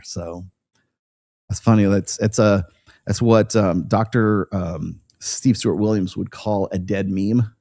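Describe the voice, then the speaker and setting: A man's voice: lowish voice, fairly even intonation, unhurried, mellow, dry recording, clean studio sound. A man hosting a casual commentary show, rambling with many restarts and laughing as he reacts to a video clip.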